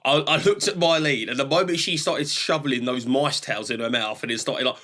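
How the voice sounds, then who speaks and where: A man in his thirties chatting casually as a guest, telling lively stories, laughing often and acting out his own reactions. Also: medium pitch, brisk. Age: 30s. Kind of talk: casual chat.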